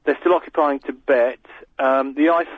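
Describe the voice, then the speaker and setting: A man's voice: medium pitch, steady tone, normal speed, dry recording. A man calling in to a radio show, hesitant and stammering but wry. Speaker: caller. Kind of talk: casual radio chat. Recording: dull lo-fi line.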